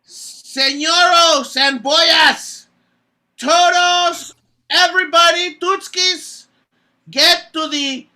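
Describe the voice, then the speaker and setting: A man's voice: extremely high pitch, sharp tone, rough recording. A man improvising a comedy scene as a clerk who bluffs his way through an announcement. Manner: bluffing, drawn-out mock announcements. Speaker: improv performer playing a store clerk.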